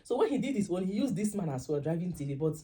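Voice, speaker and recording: A young woman with a Nigerian accent telling a personal story to camera in a casual, animated way, acting out the dialogue she quotes. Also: lowish voice, quick pace, a little hiss or hum. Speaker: vlogger.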